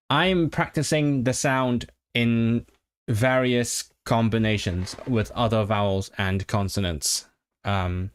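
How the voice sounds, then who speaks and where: A man streaming live, repeating sounds over and over as he practices rolled Rs and chats with viewers. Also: medium pitch. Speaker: language-learning streamer. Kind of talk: casual livestream practice.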